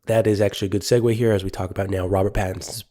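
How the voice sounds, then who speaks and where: A man's voice: lowish voice, little pitch movement, very fast, mellow. A man co-hosting a casual film podcast, laughing often and thinking aloud with some hesitation. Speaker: podcast co-host.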